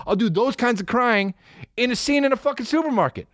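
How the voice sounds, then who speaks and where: A man's voice: very high voice, lively intonation, fairly quick, a bit bright, no echo, studio quality. A man on a comedic rant, profane and rambling, swinging his delivery up and down as he riffs.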